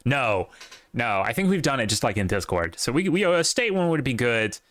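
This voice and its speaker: A man's voice: medium pitch, big pitch swings, normal speed, a bit bright, no echo. Opinionated man in casual podcast banter. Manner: opinionated, rambling with many fillers. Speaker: podcast co-host. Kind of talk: casual chat.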